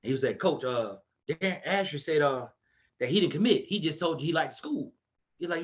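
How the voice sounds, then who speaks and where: Guy telling old football stories, gets loud doing other people's lines, kinda muffled lo-fi audio. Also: on the high side, fairly quick. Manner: animated, acts out quotes in a raised voice. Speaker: podcast guest, coach. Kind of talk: casual storytelling chat.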